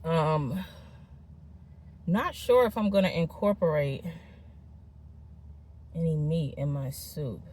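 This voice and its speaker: Deep-voiced and a little mellow, this forty-something woman talks slowly with frequent pauses, and a faint hiss or hum runs under the recording. Breathless from her walk on a trail, she chats cheerfully to viewers, addressing them as friends and y'all.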